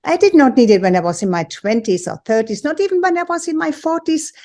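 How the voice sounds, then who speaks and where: A woman in her sixties from Europe, hosting a personal talk for viewers in a deliberate, emphatic storytelling manner. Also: high-pitched, lively intonation, a little mellow. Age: 60s. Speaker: host and women's empowerment coach.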